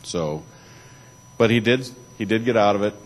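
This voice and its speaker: A man's voice: on the low side, lively intonation, normal speed, low-quality recording. A man giving a church talk, alternating between reading aloud and loose spoken asides, with occasional restarts. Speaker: church speaker.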